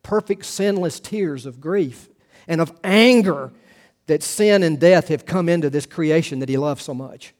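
A middle-aged male pastor preaching a sermon, earnest, rising to emphatic quotes and dropping to hushed asides. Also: on the high side, measured pace.

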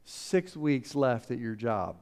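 Animated man preaching a casual sermon. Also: medium pitch, slow, clean tone. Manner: conversational, animated storytelling with acted quotes. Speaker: pastor.

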